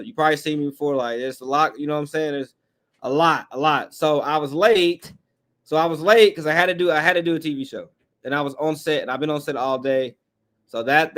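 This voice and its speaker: A man hosting a live fan call-in show, talking bluntly and profanely while reading chat comments. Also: on the high side. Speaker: podcast host.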